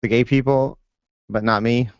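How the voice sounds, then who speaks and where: A man talks in a middle pitch, with frequent restarts as he tells his stories. The sound is dry and dull, like an audio call. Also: fairly even intonation, smooth, no room sound. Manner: halting, storytelling with many restarts. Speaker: guest. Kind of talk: casual chat.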